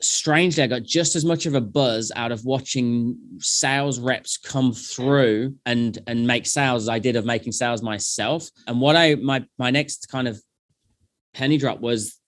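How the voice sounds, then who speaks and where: A man, a company founder, telling animated stories and acting out past conversations in a casual interview. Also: mid-range voice, normal speed, no echo, clean studio sound.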